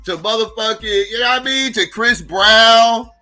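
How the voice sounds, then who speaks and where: A man commenting on a livestream in a profane, incredulous rant that swings from loud outbursts to mutters. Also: sits high, normal speed, soft background music.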